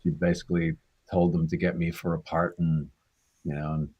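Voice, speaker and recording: Deep-voiced Canadian man telling anecdotes. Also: level tone, moderate pace, slightly rough, highs cut off. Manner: rambling anecdotes, acts out quoted voices. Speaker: actor guest. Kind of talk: casual interview storytelling.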